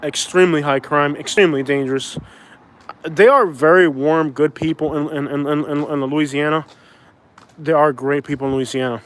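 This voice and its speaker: A man's voice: fairly high pitch, steady tone, moderate pace. A man in his thirties chatting casually on a live stream outdoors by a bridge, rambling and arguing back at viewers. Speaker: vlogger doing a live stream.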